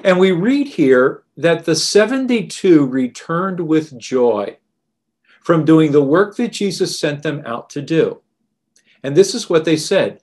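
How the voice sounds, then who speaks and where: A man preaching a sermon in a deliberate, emphatic way. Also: fairly high pitch, animated.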